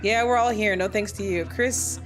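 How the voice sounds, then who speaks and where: A young woman streaming a game, reading its text aloud and bursting into loud, cursing, indignant rants. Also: mid-range voice, normal speed, faint music behind. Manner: swears a lot, laughs mid-sentence. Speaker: VTuber streamer. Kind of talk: casual gameplay commentary.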